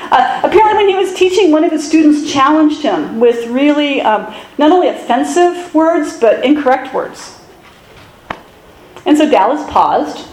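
A woman pastor preaches a sermon conversationally, poking fun at herself and tossing in animated asides. Her voice is high, and the poor audio carries an echoey room.

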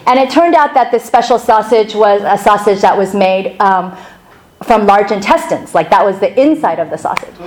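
A middle-aged woman pastor opening a sermon with a chatty, animated personal story, laughing now and then. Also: mid-range voice, moderate pace, poor audio.

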